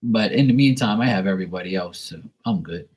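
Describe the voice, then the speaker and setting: A man's voice: sits low, brisk, a little mellow, slightly rough. A man giving live tarot readings, talking bluntly and profanely in a casual monologue, acting out others in mocking voices.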